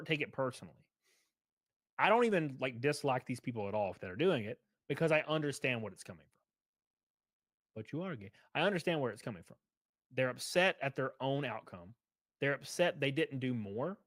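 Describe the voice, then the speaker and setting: Man, livestream host, casual chat, rambling, self-correcting, middle pitch, dry close recording. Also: dry recording. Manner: rambling, self-correcting, shifts loud and quiet. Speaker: streamer.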